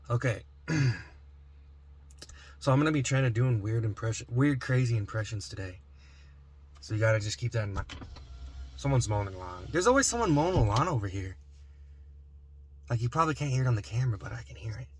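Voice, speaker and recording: A man's voice: mid-range voice, a bit bright. A young man doing a casual, rambling food review vlog, jumping between offbeat topics. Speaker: food vlogger.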